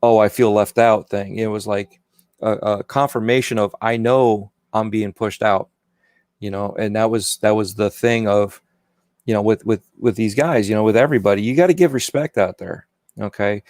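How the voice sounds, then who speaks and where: A man's voice: on the low side, normal speed, a little mellow, dry recording, studio quality. A man talking as a guest on a casual podcast, rambling and repeating himself with many "you know"s. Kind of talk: casual chat.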